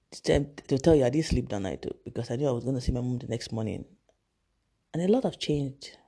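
A young woman, telling a personal story in a halting, emotional way with many restarts. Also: extremely low pitch, animated, gravelly, dark tone, slightly rough. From Nigeria. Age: young adult.

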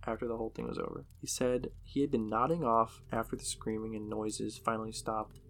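A man's voice: mid-range voice, a little hiss or hum. A man casually narrating a horror story in a profane, conversational way.

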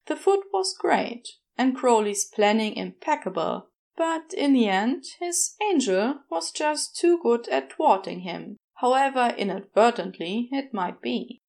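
A woman reading a fan story aloud as podfic, in a measured, gentle way. Her voice sits a little high, and she takes her time, with an unhurried, slow pace. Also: lively intonation, gravelly. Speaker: podfic reader. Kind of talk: story narration.

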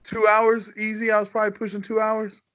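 A man co-hosting a casual podcast, telling stories in an animated way. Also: high-pitched, fairly quick, dull audio. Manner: animated storytelling, laughing. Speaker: podcast co-host.

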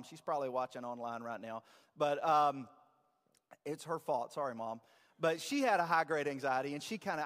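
A man preaching a sermon in a church, speaking in a conversational, self-deprecating and animated way. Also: medium pitch. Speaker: pastor. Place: church sanctuary. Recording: church hall reverb.

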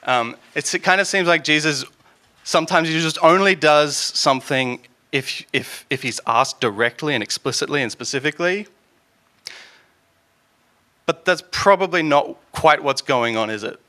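Male preacher, bright voice, casual joking sermon delivery. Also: a little high, moderate pace. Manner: chatty, joking, lots of ums and restarts.

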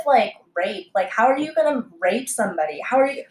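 A young woman, a restaurant server, telling a story in a casual, heated, profane way, full of fillers and sudden jumps in pitch. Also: animated, fairly quick, darkish tone. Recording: echoey room.

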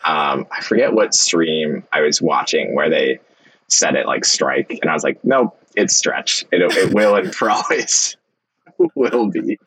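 Very deep gravelly laid-back man. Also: animated, a little slow, fairly bright tone, low-quality recording. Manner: laid-back, profane, joking. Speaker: podcast co-host. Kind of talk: casual chat.

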